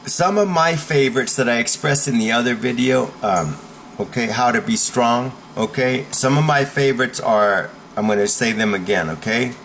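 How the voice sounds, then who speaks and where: A man's voice: mid-range voice, animated, moderate pace, a little hiss or hum. A man coaching viewers in a blunt, emphatic talk, often checking in with "okay?". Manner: forceful, blunt instruction. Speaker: self-defense coach.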